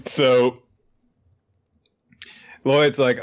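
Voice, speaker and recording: A man co-hosting a casual chat, laughing often and acting out characters in high voices. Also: animated, moderate pace, pushed and bright, lo-fi sound. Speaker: podcast co-host. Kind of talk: casual chat recapping manga.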